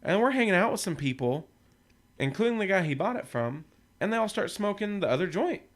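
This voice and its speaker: A man's voice: high-pitched, big pitch swings, fairly quick. A young man casually telling a long, profane story on a podcast, acting out what people said. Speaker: podcast co-host.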